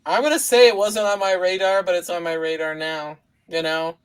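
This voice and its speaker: High-voiced rambling man. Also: little pitch movement, brisk, clean tone. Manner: rambling, full of fillers. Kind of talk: casual panel chat.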